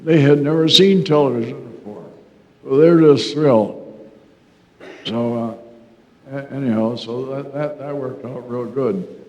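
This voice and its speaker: Older man, unhurried folksy storyteller, roomy hall, dull lo-fi sound; cast for a rambling local history talk. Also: mid-range voice, a little hiss or hum. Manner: folksy, chuckling, full of restarts and "anyhow". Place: library meeting room.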